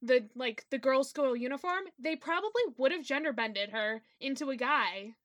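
A woman's voice: high-pitched, normal speed, a bit bright, no echo, clean studio sound. A woman co-hosting a casual podcast, chatting enthusiastically and gushing about characters she loves, with the odd swear word. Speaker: podcast co-host. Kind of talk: casual fan chat about an anime.

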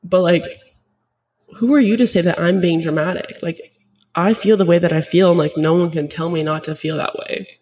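A woman's voice: fairly low pitch, fairly even intonation, normal speed, darkish tone. Twenties woman, solo podcast host, teary and choked up, chatty filler-heavy ramble, slightly distant mic. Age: 20s. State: tearful, choked up. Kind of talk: casual solo podcast talk.

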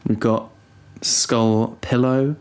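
Young man, podcast co-host, rambling teasing chat, average pitch. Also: drawn-out words, smooth. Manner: rambling, teasing, deadpan asides. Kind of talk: casual chat.

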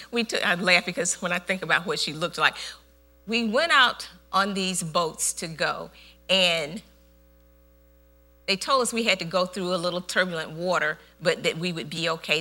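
A woman pastor preaching a sermon, telling a story with lots of laughter and emphatic, repeated phrases. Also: fairly low pitch. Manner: animated storytelling, laughs often.

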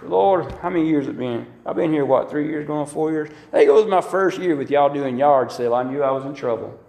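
A man's voice: on the high side, brisk, vocal fry. A middle-aged man preaching a sermon as pastor, telling folksy stories and acting out quotes. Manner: folksy, animated storytelling with acted-out quotes. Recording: echoey room.

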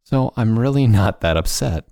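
A man in his twenties hosts a podcast in loose, jokey conversation, quick to laugh at himself. His voice sits very low but swings up and down with lots of expression. The recording is close and dry. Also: gravelly, no room sound. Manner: animated, joking and laughing. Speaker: podcast host. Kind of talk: casual chat.

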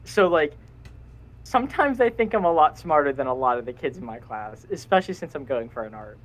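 A man's voice: a little high, lively intonation, a little fast, low-quality recording. A young man co-hosting a casual podcast, rambling and cutting himself off, laughing often. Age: young adult. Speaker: podcast co-host. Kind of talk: casual chat.

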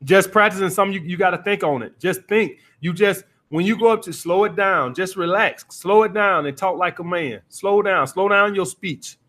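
A man's voice: high-pitched, normal speed, hardly any pauses, fairly bright tone. A man hosting a call-in dating advice podcast, blunt and profane, repeating his points as he coaches a caller.

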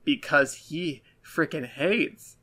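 A man's voice: a little high, takes it slowly, bright, forceful tone. A man co-hosting a casual podcast, giving blunt, self-deprecating critiques of an episode. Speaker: podcast co-host. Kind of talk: casual review chat.

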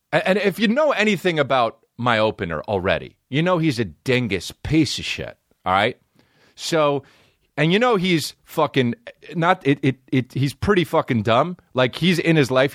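Animated, profane male storyteller. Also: medium pitch, no room sound, studio quality. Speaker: podcast host. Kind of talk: comedic storytelling.

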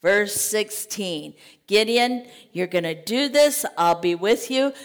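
A woman teaching a Bible study as a sermon, lively, acting out scripture and conversations in other voices. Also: mid-range voice, slow. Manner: animated, acts out scripture quotes and conversations. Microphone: podcast mic.

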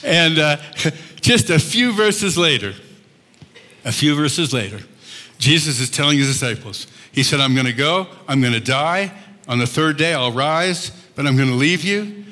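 A male pastor preaching a sermon, telling the story with animated voices and laughs. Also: on the high side, unhurried. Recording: long hall reverb.

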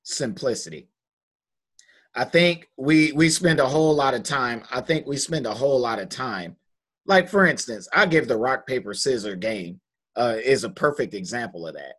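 A man's voice: mid-range voice, lively intonation, normal speed, fairly bright tone, breathy edge. A man in a casual group discussion, speaking earnestly and restarting phrases as he builds his points. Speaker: panel guest and writer.

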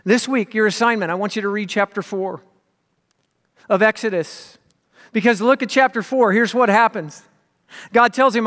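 A man preaching a sermon as pastor, swinging from loud emphasis to hushed whispers. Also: sits high, normal speed, pauses often. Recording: long hall reverb.

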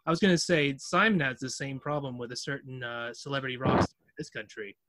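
A man's voice: medium pitch, fairly quick, sharp tone, rough recording. A man laughing and tossing asides as a guest in casual podcast banter.

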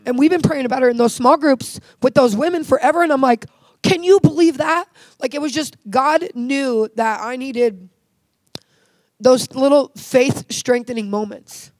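A woman's voice: high-pitched, moderate pace, a little mellow, dry recording. A woman sharing a heartfelt personal faith testimony in conversation, earnest and full of "like" fillers.

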